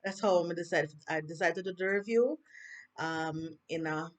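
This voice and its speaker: A woman's voice: on the low side, moderate pace. Chatty Jamaican woman reviewing a show. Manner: chatty, rambling, with fillers and asides. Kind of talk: casual chat.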